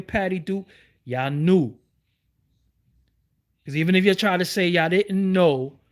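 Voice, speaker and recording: A middle-aged man, hosting his own online show and ranting to his viewers with heated, repeated rhetorical questions. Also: high voice. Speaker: YouTube show host. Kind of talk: livestream rant.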